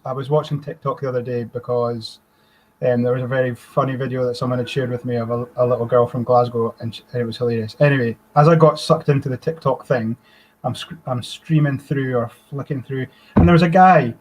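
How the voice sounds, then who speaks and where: A man's voice: medium pitch, a little hiss or hum, poor audio. A man in his thirties, a guest telling funny self-deprecating stories in casual chat. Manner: self-deprecating, animated storyteller. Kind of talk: casual storytelling.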